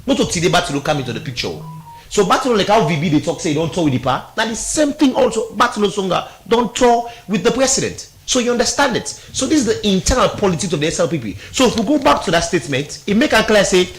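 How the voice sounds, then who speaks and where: A man's voice: sits high, expressive, quick pace. A man with a Sierra Leonean Krio-inflected accent, giving political analysis on a radio talk show, emphatic and mixing Krio with English.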